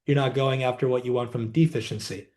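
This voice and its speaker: A man, a guest healer and coach, telling client stories in a measured, reflective way in a podcast interview. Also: mid-range voice, fairly even intonation, darkish tone.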